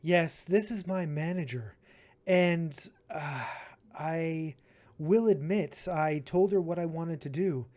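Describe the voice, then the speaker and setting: A man playing a slow, grandiose idealist. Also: on the high side, a little mellow. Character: lofty male idealist artist, grandiose.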